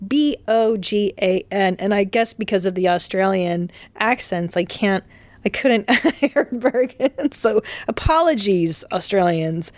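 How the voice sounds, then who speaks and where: A woman hosts her own podcast, talking off the cuff and rambling from one thought to the next. Her voice sits at an ordinary middle pitch, and the sound is dry and close, with hardly any room around it. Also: lively intonation, measured pace, no room sound. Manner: rambling, chatty, swearing, fillers and restarts. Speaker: podcast host. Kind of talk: casual solo podcast monologue. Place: hotel room.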